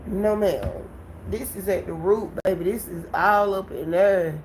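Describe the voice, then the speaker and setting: Animated woman telling a livestream story. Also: mid-range voice, measured pace, slight background noise, poor audio. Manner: animated, laughs often, addresses viewers directly. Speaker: livestream host.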